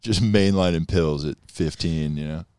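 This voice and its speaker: A man's voice: very deep voice, moderate pace, warm tone, smooth, no room sound. A young man in casual, laid-back chat, full of slang and swearing.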